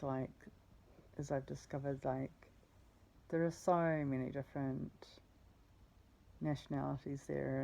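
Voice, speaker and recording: Woman, low voice, gravelly fry, rambling personal story, self-correcting. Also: mellow, highs cut off. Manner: meandering, self-correcting, casual swearing. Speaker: vlogger.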